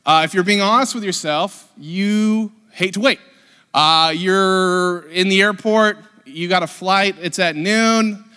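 A man in his thirties, a pastor, giving a lively, joking live sermon to his congregation, with lots of fillers and restarts. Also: high voice, slow pace, smooth. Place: church sanctuary with a congregation. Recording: long reverb of a church hall.

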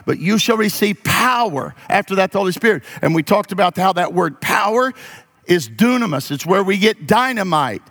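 A man's voice: high voice, expressive, moderate pace, a bit bright. A pastor preaching a sermon, moving from folksy stories to emphatic calls to his congregation.

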